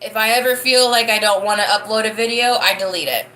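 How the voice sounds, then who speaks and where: A woman's voice: on the high side, fast talker, pushed and bright. A young woman hosting a live podcast, chatting casually and rambling as she answers viewer comments, laughing often. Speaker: livestream podcast host.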